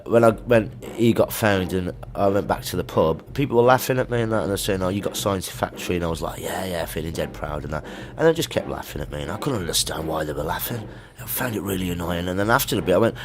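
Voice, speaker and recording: Middle-aged musician, very low voice, loose chatty storyteller, slangy. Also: male voice, lively intonation, quick pace. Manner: chatty anecdotes with slang and laughs. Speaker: musician guest. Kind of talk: casual storytelling interview.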